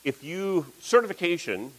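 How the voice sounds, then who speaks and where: A middle-aged man preaching a sermon as pastor, telling a story with animated delivery and acting out the voices of the people in it. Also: high voice, normal speed, low-quality recording.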